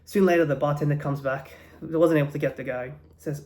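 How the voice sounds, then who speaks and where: A man's voice: on the high side, steady tone, fairly quick, darkish tone. A man telling a joke in a casual, rambling way, with many restarts and fillers.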